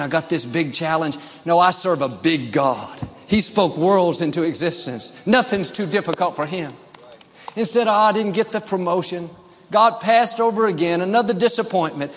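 Pastor guy preaching, punchy repeated lines, slightly high voice, long hall echo. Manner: emphatic, repetitive declarations. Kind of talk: sermon. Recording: long reverb of a large hall.

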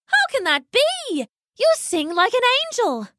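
A woman voicing a group of tiny, kindly glowing fairies in a storybook, speaking sweetly and warmly. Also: huge pitch swings, unhurried, dry recording, studio quality, exaggerated voice. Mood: gentle. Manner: sweet, high, welcoming.

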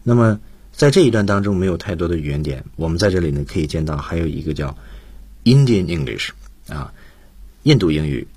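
A man's voice: low-pitched, expressive, a little fast, darkish tone, breathy edge, no echo. A man co-hosting a radio English lesson, patiently explaining vocabulary and stressing key phrases for students. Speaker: radio English teacher, co-host.

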